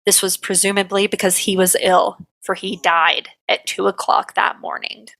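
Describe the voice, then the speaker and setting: A woman co-hosting a podcast, reading a history segment in a steady storytelling manner. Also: medium pitch, moderate pace, gravelly. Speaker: podcast co-host.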